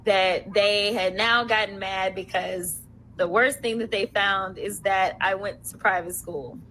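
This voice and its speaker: A woman's voice: medium pitch, steady tone, a little slow, bright, forceful tone, rough recording. A woman talking casually to viewers, dismissive and sarcastic. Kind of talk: casual defensive talk to viewers.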